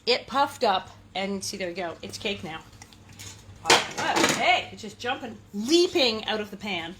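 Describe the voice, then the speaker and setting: A woman's voice: medium pitch, expressive, unhurried, very noisy. A woman hosting a casual cooking demonstration in a kitchen, chatty and playful, breaking into sing-song asides. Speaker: cooking show host.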